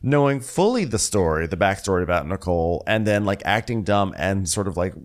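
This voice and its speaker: A man's voice: low-pitched, lively intonation, brisk. A man co-hosting a comedic recap podcast, making dry, sarcastic asides. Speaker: podcast co-host.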